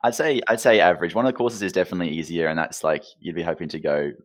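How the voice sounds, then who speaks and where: An Australian man in his twenties, a guest answering questions in a relaxed, laughing way over a call. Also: low-pitched, rapid-fire. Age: 20s. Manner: laid-back, laughs often. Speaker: guest player. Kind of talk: casual interview chat.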